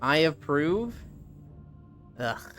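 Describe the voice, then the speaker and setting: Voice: mid-range voice, very animated, extremely slow, fairly bright tone, faint music behind. A live streamer in casual chat who rambles, swears freely, laughs often and answers chat as they go.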